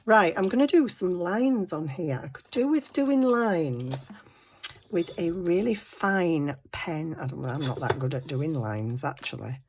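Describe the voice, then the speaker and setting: A woman's voice: lowish voice, lively intonation, a little slow, a little mellow, a little hiss or hum. A middle-aged woman, chatting to herself while crafting in a casual vlog, flustered and apologetic. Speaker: craft channel host.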